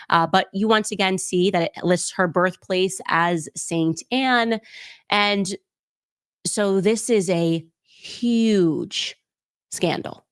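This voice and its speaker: A woman presenting documents in a commentary clip, laying out evidence in a measured way, step by step. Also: low-pitched.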